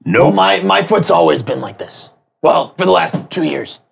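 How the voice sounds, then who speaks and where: Male player, very gravelly, husky, hesitant in-character delivery. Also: on the high side, lively intonation. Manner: hesitant, halting in-character speech. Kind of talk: in-character tabletop play.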